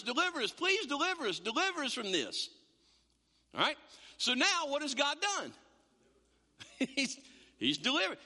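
Male pastor, high lively voice, bright tone; sermon in a reverberant sanctuary. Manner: animated, repeats words, acts out quotes. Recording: long hall reverb.

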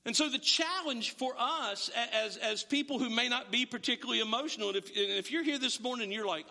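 A man preaching a sermon as pastor, animated and acting out his listeners' voices. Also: extremely high pitch, fairly quick, creaky, hardly any pauses, long reverb tail.

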